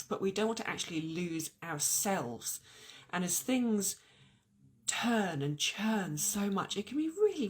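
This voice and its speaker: A woman giving an earnest, encouraging spiritual talk at an online event. Her voice is going hoarse, and she is animated and often restarts her sentences. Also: fairly low pitch. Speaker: spiritual teacher.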